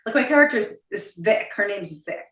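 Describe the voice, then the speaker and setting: A woman's voice: mid-range voice, fairly quick, distant mic. A woman in her forties with a New Jersey accent, a guest chatting bluntly and with plenty of swearing in an interview over a video call. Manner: blunt, profane, animated. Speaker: actress guest. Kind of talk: casual interview chat. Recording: roomy sound from off-mic.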